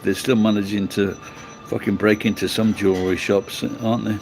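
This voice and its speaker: A man's voice: fairly low pitch, little pitch movement, fairly quick, a little mellow, a little hiss or hum. A man with a Yorkshire accent chatting casually on a livestream, blunt and sweary, laughing as he answers viewers. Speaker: livestreamer reading chat. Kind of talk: casual live chat.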